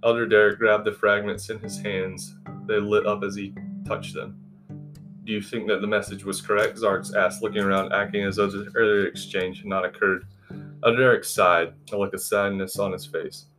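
A man narrating a fantasy storybook in a steady, even-toned reading. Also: fairly low pitch, normal speed, soft background music.

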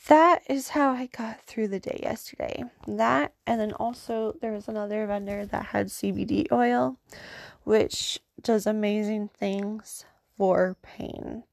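A woman's voice: mid-range voice, slow pace, creaky, dry recording, studio quality. A woman in her thirties hosting a podcast, telling a story in a casual, rambling way and talking through her thoughts. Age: 30s. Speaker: podcast host.

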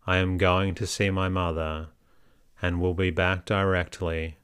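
Man voicing a gentle little prince, earnest, polite, deep and even, slow, clear. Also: no echo, studio quality. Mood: kind. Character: gentle kind young boy prince.

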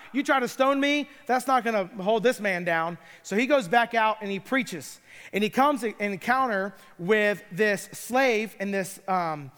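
A man's voice: high voice, fairly bright tone, in a large hall. A middle-aged man preaching a sermon, retelling scripture stories with playful asides. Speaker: pastor.

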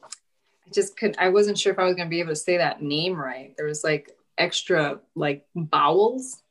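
A woman's voice: sits low, normal speed. A woman co-hosting a casual gaming podcast, playful and outspoken. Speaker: podcast co-host. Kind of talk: casual chat.

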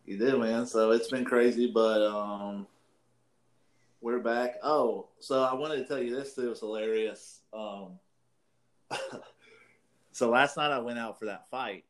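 A man's voice: medium pitch, unhurried, long pauses. A man casually telling a long, rambling story on a talk show, swearing freely and laughing as he goes. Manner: rambling, profane, laughs through his story. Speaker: podcast co-host.

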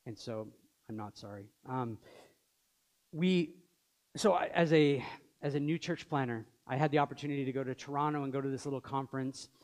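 Speaking briskly in a mid-range voice, a male pastor in his thirties delivers a sermon. He tells stories earnestly and acts out the dialogue as he goes.

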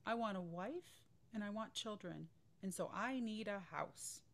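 A woman's voice: medium pitch, unhurried, natural voice. A woman voicing a demanding boy who grows into a tired old man in a storybook, sounding weary and wanting.

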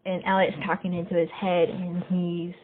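A woman hosting a podcast, casually recapping a TV episode scene by scene and getting lively when she quotes the characters. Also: fairly low pitch, normal speed, breathy edge. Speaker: podcast host. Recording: phone-like narrow sound.

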